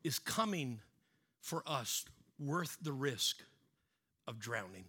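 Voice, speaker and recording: A man preaching a sermon, swinging from loud emphatic lines down to low, hushed ones. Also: sing-song, slow, husky. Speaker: pastor.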